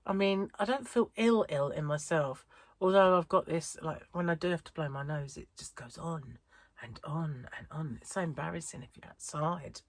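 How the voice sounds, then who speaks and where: A low-pitched female voice, recorded without echo, talks at a moderate pace. She's a tired, middle-aged British crochet vlogger with a wheezy chest, chatting in a rambling manner and interrupting herself.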